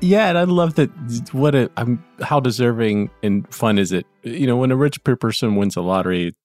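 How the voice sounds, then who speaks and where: Enthusiastic male co-host, animated, recorded dry and close. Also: medium pitch, normal speed, no echo, soft background music. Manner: enthusiastic, laughs often. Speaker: co-host, comedian. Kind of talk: casual comedy podcast chat.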